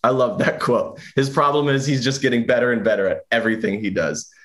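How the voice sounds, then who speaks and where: Male sports talk host, mid-pitched, casual, teasing, quick to laugh. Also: fairly bright tone. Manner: laughs often, teasing, chatty.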